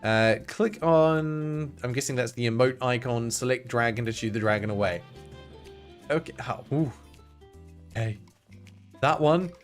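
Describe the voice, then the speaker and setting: A man streaming a video game, giving casual, excitable, jokey commentary and chatting with his viewers. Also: mid-range voice, unhurried, pauses often, faint music behind.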